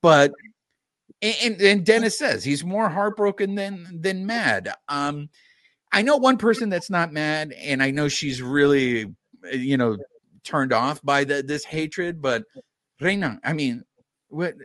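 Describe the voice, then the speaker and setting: A man hosting a live sports podcast, talking straight to the fans in an animated way. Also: fairly high pitch, slow pace, no room sound, studio quality. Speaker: podcast host.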